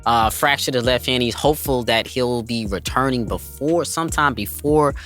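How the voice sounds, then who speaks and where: Over soft background music, a basketball podcast host speaks at moderate pace in a medium-pitched, slightly bright voice. His commentary is emphatic and enthusiastic as he pumps up players and addresses listeners as family.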